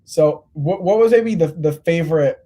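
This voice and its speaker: A man's voice: a little high, moderate pace, dark tone. A man interviewing a young player, rambling with lots of restarts. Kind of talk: casual interview.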